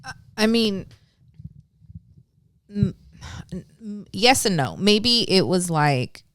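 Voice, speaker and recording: A woman co-hosting a podcast in casual chat, often hesitating and filling pauses as she talks. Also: mid-range voice, very animated. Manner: hesitant, full of "like" and restarts. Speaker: podcast co-host.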